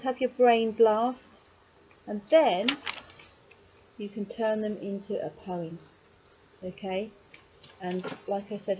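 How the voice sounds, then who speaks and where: A woman giving a casual video lesson on writing poetry, chatty and encouraging, with frequent pauses and digressions. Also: mid-range voice, warm tone. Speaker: poetry workshop teacher. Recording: slightly dull lo-fi sound with faint noise.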